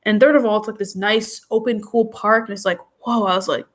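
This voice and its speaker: A woman rambles through a casual live stream, her voice stuffy from a runny nose. She talks loosely and keeps restarting her thoughts, circling back with filler words. Her pitch sits mid-range for a woman. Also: fairly even intonation, fairly quick. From New York. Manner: chatty, rambling, restarts sentences often.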